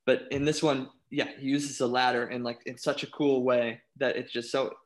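A man chatting casually on a podcast, animated, often restarting his sentences and laughing. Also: mid-range voice, moderate pace. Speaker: panelist.

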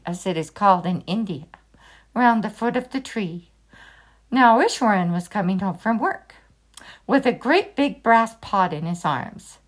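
Animated woman reading a children's story. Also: mid-range voice. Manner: animated, expressive storytelling with asides to the listener.

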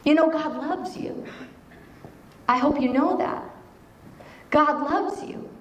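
A woman preaching a sermon in a conversational, animated way, telling stories and quoting scripture. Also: high-pitched, slow, echoey room, rough recording.

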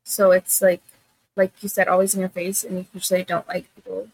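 A woman's voice: medium pitch, monotone, a little fast, vocal fry, husky, rough recording. A young adult woman co-hosting a podcast, chatting casually about her kids. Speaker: podcast co-host. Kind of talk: casual chat.

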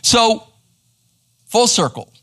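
A middle-aged man, a pastor teaching live in church, conversational and animated as he tells a story. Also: extremely high pitch, drawn-out words, no room sound. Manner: animated, conversational, acts out quoted voices. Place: church sanctuary.

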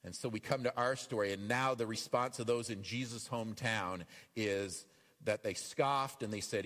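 A man preaching a sermon as pastor, animated and acting out the voices in the passages he reads. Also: fairly low pitch, moderate pace, big-room sound. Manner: animated, acts out quoted voices. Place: church.

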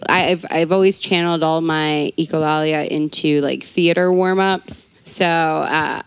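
A woman's voice: sits low, steady tone, normal speed, hardly any pauses, clean tone, dry recording. A woman co-hosting a comedy podcast, with a sibilant S that is almost a lisp, talking in a playful, rambling, self-mocking way. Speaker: podcast co-host. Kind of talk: casual comedic banter.

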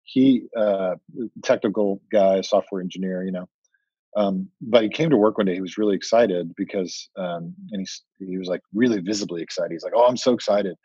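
Casting: low, husky male founder, animated storyteller, slightly muffled podcast sound. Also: moderate pace, dry recording. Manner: animated storytelling, acts out quoted dialogue. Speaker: startup founder and guest. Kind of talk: casual interview talk. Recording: muffled dry podcast audio.

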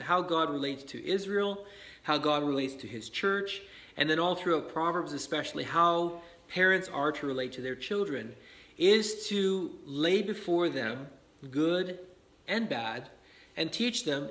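A man delivers a sermon in a loose, conversational way, leaning on fillers and quick check-ins with the listeners. His voice sits a little higher than most men's, and he slips in light laughs between points. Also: a bit bright. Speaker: pastor.

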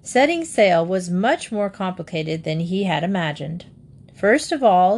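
Slow-reading woman storyteller. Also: medium pitch, a little mellow. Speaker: narrator.

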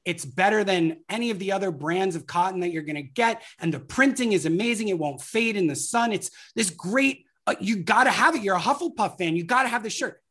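A guest doing an overeager street seller who gushes without pause. The voice climbs high and pushes loud through a rapid hard sell. It reads as a quick sketch inside a chat. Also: lively intonation. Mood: gushing. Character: pushy overeager merchandise seller.

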